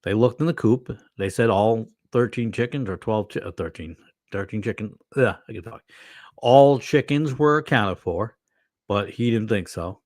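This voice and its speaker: A man's voice: fairly low pitch, moderate pace, a little mellow, no echo, studio quality. Tired, rambling middle-aged man. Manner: rambling, with many fillers and restarts. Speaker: pastor hosting a livestream. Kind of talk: casual chat on a livestream.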